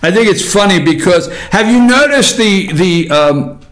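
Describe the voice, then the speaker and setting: High-voiced man ranting political commentary. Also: animated, a little slow. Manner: ranting, combative, swings between shouting and muttering. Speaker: host.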